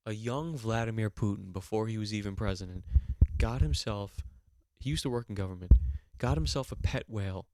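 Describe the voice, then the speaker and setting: A man hosting a podcast, going on an animated, mock-outraged comedic rant with plenty of swearing. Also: fairly low pitch, a little fast, no room sound, studio quality. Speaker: podcast host.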